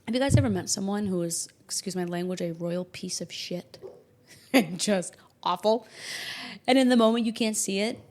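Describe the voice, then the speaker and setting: A woman astrologer hosting a podcast in casual, animated talk, joking and acting out little imagined quotes. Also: medium pitch, normal speed. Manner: animated, jokey, acts out imagined quotes in varied voices.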